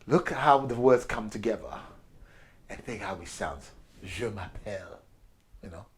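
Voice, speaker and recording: A man's voice: lowish voice, lively intonation, moderate pace, slight background noise. An older man whose first language is Portuguese, tipsy and rambling through a profane history rant while acting out characters in quotes. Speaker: show regular.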